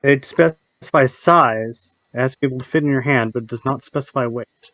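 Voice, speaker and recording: A man playing a tabletop game, arguing the rules with a halting, filler-heavy delivery. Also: mid-range voice, a bit bright, dry recording. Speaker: player.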